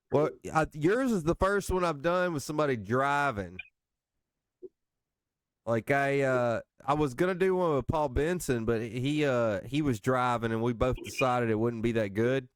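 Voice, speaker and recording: A man's voice: mid-range voice, expressive, unhurried, smooth, no room sound. A man in his forties from Northeast Mississippi with a North Alabama accent, hosting a casual chat and rambling through stories with easy laughs. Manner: rambling storyteller, laughs easily. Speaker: podcast host.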